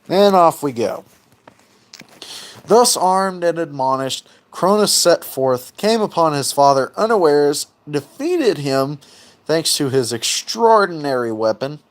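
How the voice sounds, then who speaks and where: A man's voice: on the high side, very animated, slow. A man hosting a casual livestream, reading old myths aloud and retelling them in a laid-back, profane way. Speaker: mythology video host.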